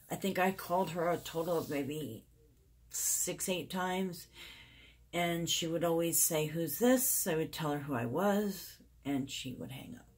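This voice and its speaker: A woman in her forties talking to camera in a personal vlog, soft and confiding. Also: low-pitched, breathy edge. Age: 40s. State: out of breath. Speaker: beauty vlogger.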